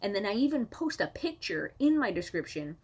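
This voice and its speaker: A woman's voice: mid-range voice, big pitch swings, a little fast, darkish tone, husky. Woman comic from Canada, home-recorded rant, sarcastic, exasperated, swears a lot. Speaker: comedian. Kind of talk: stand-up comedy rant to camera.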